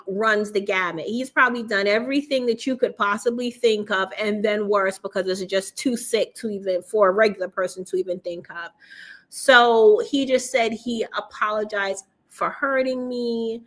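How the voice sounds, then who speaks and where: A woman hosts a casual livestream, answering viewers directly. Her voice sits slightly high, and she tells her own story candidly and conversationally, with easy fillers. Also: a bit bright.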